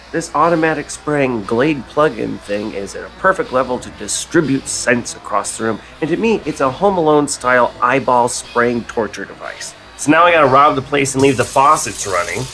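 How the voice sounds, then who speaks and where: A man delivering absurd deadpan comedy bits that burst into sudden shouts. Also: medium pitch, moderate pace, gravelly, few pauses, faint music behind, low-quality recording. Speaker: comedy sketch creator.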